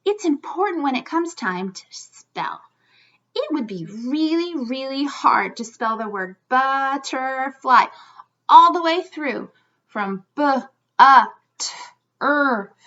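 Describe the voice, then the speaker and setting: A woman teaching a children's lesson, speaking clearly and slowly as she demonstrates for young learners. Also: high voice, pushed and bright. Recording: slightly dull lo-fi sound.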